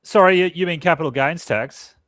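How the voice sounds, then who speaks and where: A man's voice: fairly high pitch, fairly quick, a bit bright, no room sound. A man co-hosting a policy podcast, talking through tax details hesitantly, with frequent restarts and repeated words. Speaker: podcast co-host. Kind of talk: casual policy discussion podcast.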